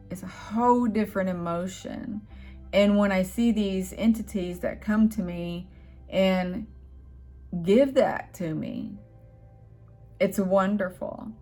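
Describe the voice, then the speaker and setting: A woman's voice: mid-range voice, a little mellow. A woman telling a personal spiritual story in a casual vlog, earnest and rambling, with hesitations and restarts. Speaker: channel host.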